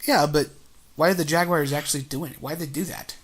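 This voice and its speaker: A man's voice: a little high, fast. A man co-hosting a casual sports podcast, rambling and joking with sarcastic asides. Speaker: podcast co-host.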